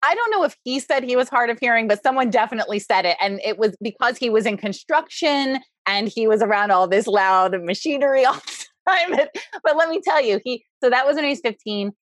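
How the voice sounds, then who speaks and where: A loud, animated woman in her forties tells her story in a high, lifted voice, laughing often as she talks. The sound is close and dry, with no room around it. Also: brisk, few pauses, no echo. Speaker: podcast guest. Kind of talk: candid conversational interview.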